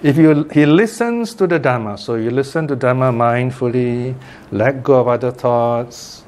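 A man's voice: mid-range voice, normal speed, darkish tone. Older man giving a chatty Dhamma class. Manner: chatty, checks in with listeners by asking "okay?" and "right?". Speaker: Buddhist meditation teacher. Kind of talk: informal Dhamma class talk.

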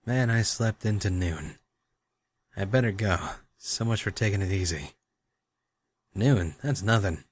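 A man's voice: on the low side, unhurried, long pauses, no room sound. A young man playing a game and reading its dialogue aloud, with dry, wry asides. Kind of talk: let's play with read-aloud dialogue.

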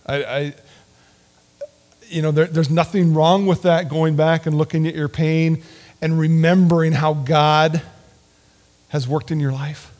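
High-voiced man preaching in a reverberant hall. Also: flat delivery, darkish tone. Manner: earnest, halting, with frequent restarts. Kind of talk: sermon.

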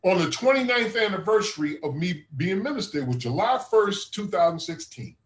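Man with a high voice telling his testimony, earnest and chatty, keeps saying brother. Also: very animated, brisk, echoey room, rough recording. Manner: earnest, conversational, keeps addressing the listener as brother. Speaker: student regional minister. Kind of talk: testimony storytelling.

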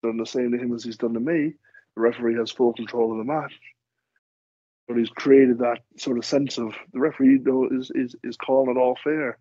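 A man's voice: mid-range voice, a little fast, dry recording. A man, a wrestler guest on a podcast, telling rambling stories in casual chat and acting out the quotes. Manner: rambling, animated storytelling with acted-out quotes. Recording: dull lo-fi sound.

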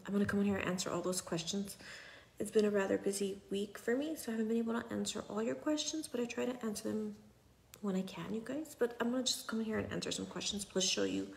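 A young woman talking casually to her phone at home, chatty and often dropping to a soft near whisper. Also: mid-range voice, creaky. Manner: chatty, repeats "you guys", drops to a near whisper at times. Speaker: patient sharing her recovery. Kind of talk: casual selfie vlog. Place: at home indoors.

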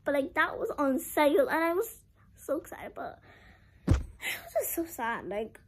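A young girl chatting through a clothing-haul vlog. Her voice sits high and swoops up and down, and she leans on "like" constantly. She sounds dramatic about small disappointments. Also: sing-song, normal speed, noisy background. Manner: chatty, heavy use of "like", dramatic about being sad. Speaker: vlogger.

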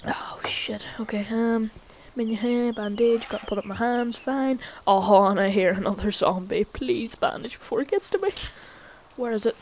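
A woman's voice: a little high, fairly even intonation, normal speed, a little mellow, a little hiss or hum. Jumpy woman narrating her gameplay. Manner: jumpy, swears when startled, chatty. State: recently sick. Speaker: gaming channel host. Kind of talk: casual gameplay commentary.

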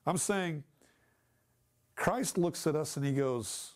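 Guy leading a bible study, kinda high voice, chatty and emphatic, keeps asking the class stuff. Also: slow pace, long pauses. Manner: conversational and emphatic, asks the class questions. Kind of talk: teaching a church class.

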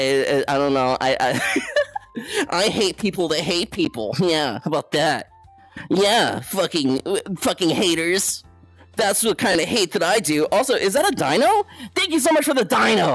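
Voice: mid-range voice, fairly bright tone. A VTuber streamer in casual live chat, loose and playful, swearing freely, laughing often and thanking followers. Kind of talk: casual live-stream chat while exploring a virtual world. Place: at home, seated, streaming.

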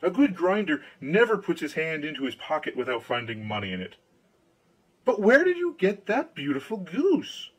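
A contented scissor grinder from a fairy tale, as a male reader puts him on, easygoing and full of questions. His pitch sits a touch high and moves freely. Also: huge pitch swings, moderate pace, breathy edge, exaggerated voice, low-quality recording.

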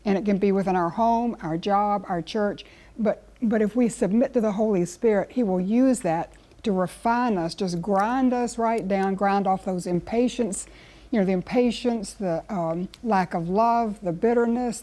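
A woman's voice: medium pitch, warm tone. A woman, a guest Bible teacher speaking in an earnest, conversational teaching style. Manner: earnest, storytelling with acted quotes.

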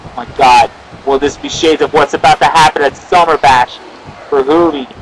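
Excitable young man calling wrestling. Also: a little high, normal speed. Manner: excitable, often shouting exclamations. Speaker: wrestling commentator. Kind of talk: amateur play-by-play commentary. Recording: noisy amateur video with crowd.

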